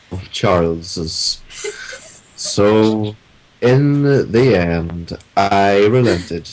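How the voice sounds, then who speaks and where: An Irish man doing a rambling old Yorkshire grandfather who never gets to the point. Every word is slowed right down, and his voice sits low. He drones on, dry and steady, about his family. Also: low-quality recording. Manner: slow, long-winded storytelling.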